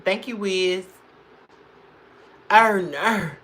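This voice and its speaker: A woman's voice: mid-range voice, drawn-out words, a bit bright. A woman hosting a casual makeup livestream, chatting with viewers, answering their comments and laughing often.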